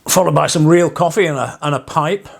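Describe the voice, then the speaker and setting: A man's voice: on the high side, fairly quick, creaky. A man from England, a parson vlogging, talking in a wry, digressive way with chuckling asides. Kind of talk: casual rambling vlog monologue.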